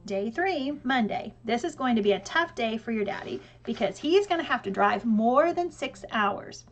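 A woman's voice: a little high, expressive. A woman voicing an organized mother who methodically reads out a trip plan. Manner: methodical, brisk list-reading. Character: organized, businesslike mother laying out plans.

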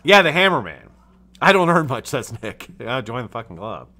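An American man hosting a casual live stream, chatty and animated, greeting chat and swearing freely. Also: mid-range voice, moderate pace. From United States. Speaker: livestream host.

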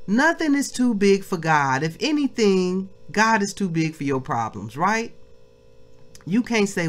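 A woman's voice: fairly low pitch, very animated, normal speed. A woman leading a weekly devotional in an impassioned preaching style, repeating phrases and calling her listeners family. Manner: repeats phrases, swings from hushed prayer to loud exhortation; informal, addresses listeners as family. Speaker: ministry leader giving a devotional.

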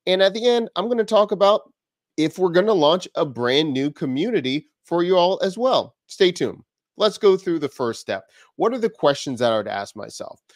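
A man hosting his own channel, giving business advice straight to camera in an energetic way, asking one rhetorical question after another. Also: high-pitched, normal speed, no room sound, studio quality. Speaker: business coach and channel host.

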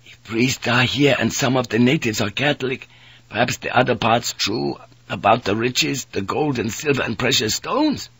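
A man voicing an anxious, nearsighted merchant who speaks in a hushed, uneasy way. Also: medium pitch, normal speed, creaky, husky, dry recording, exaggerated voice.

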